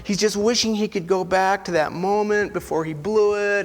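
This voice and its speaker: A man preaching in a church, telling a Bible story with animated energy. He swings from raised, emphatic lines down to near-whispers. His fairly high voice carries a long reverb through the sanctuary. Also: normal speed. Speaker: pastor. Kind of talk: sermon.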